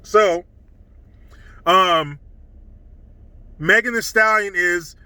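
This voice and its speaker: A man's voice: high-pitched, drawn-out words, sharp tone, dry recording, poor audio. A middle-aged man giving a blunt, scornful opinion monologue as a commentary vlogger.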